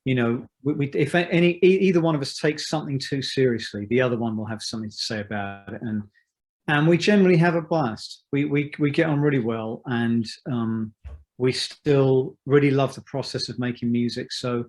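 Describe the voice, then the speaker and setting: A man in his fifties, a musician being interviewed, who talks in a thoughtful, measured way with many restarts. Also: mid-range voice, a little mellow. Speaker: musician guest. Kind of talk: reflective interview talk.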